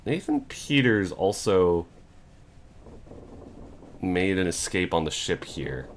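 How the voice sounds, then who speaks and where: A man's voice: deep voice, big pitch swings, slow, a little hiss or hum. A young man streaming a game, thinking aloud and muttering to himself as he works things out in casual commentary. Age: young adult.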